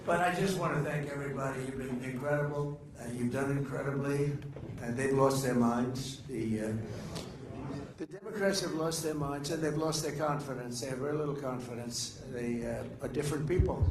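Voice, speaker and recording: A man's voice: mid-range voice, normal speed. An older man giving a rambling, off-the-cuff speech to a gathering, boastful and meandering, trailing off mid-sentence with frequent uhs. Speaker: speaker addressing a political gathering. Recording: echoey room with faint background noise.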